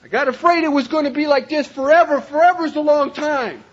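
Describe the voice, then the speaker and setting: An older man from Cleveland telling his own recovery story to a meeting, emphatic, swinging from shouts down to quiet lines. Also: fairly quick. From Cleveland, Ohio, USA. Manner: emphatic, raises voice to a shout then drops low. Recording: dull lo-fi recording.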